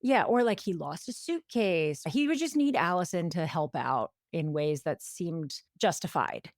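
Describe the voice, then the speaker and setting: A woman's voice: fairly low pitch, lively intonation, a little slow, no echo, clean studio sound. A woman co-hosting a podcast, casually recapping a story in a chatty way, full of "like" and quoted asides. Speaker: podcast co-host.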